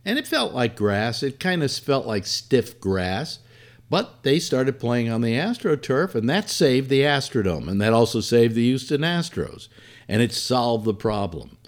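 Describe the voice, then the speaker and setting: Animated older man spinning radio stories. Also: mid-range voice, unhurried. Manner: rambling with frequent fillers and restarts, colorful asides. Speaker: former radio host reminiscing. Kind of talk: casual storytelling monologue.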